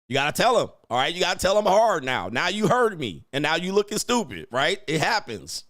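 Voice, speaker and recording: Brash male reaction host, profane and laughing, lively delivery, dry room. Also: on the high side, normal speed, no echo. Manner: profane, blunt, laughing often. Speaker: reaction commentator. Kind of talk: casual video reaction commentary.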